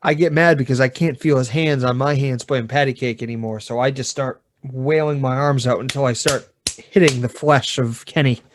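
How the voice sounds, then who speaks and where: A man playing a tabletop game on a podcast, describing scenes in a relaxed, casual way. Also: mid-range voice, moderate pace, slight background noise. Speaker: player. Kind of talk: casual actual-play chat.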